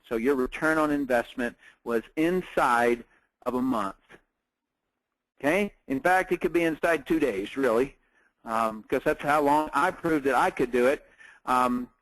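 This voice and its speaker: A man's voice: on the high side, no room sound, poor audio. A middle-aged man giving a webinar business training in a casual, storytelling way, with lots of fillers. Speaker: network marketing trainer.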